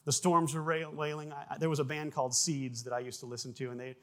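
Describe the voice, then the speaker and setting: Animated male pastor preaching. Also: on the high side, fast. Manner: animated storytelling, repeats words, sound effects in anecdotes. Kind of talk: sermon.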